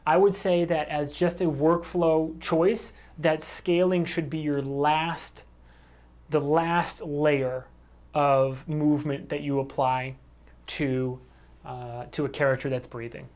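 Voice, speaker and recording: A man's voice: on the high side, steady tone, slow, a little mellow. A man teaching animation in a video lesson, standing in a room and talking to the camera, with frequent restarts and fillers, and yawning and short of breath. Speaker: animation instructor.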